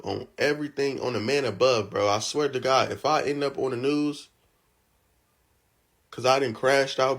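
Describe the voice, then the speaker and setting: A man's voice: medium pitch, a bit bright. A man ranting angrily about being out of work, swearing often and ending lines with "bro". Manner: heated, profane, repeats "bro". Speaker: unemployed job seeker venting in a clip. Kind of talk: angry venting rant.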